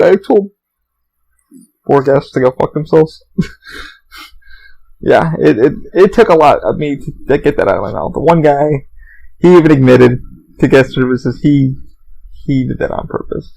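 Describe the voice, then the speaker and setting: With the highs cut off, a young solo podcast host speaks in a high-ish, animated, gravelly voice that's a bit mellow, at a moderate pace with frequent pauses. His storytelling is rambling and profane, packed with fillers, and he raises his voice to act out other people.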